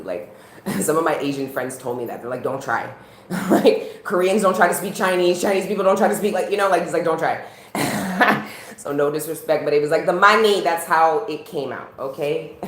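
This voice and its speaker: A woman with a low voice gives a casual tarot reading, blunt and profane, often breaking into laughter. Her voice rings with a roomy echo over faint background noise. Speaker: tarot reader.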